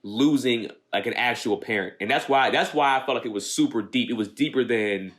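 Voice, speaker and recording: A man's voice: mid-range voice, fairly quick, fairly bright tone. Laid-back man, earnest slangy podcast talk. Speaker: podcast co-host. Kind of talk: casual chat about an anime. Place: home.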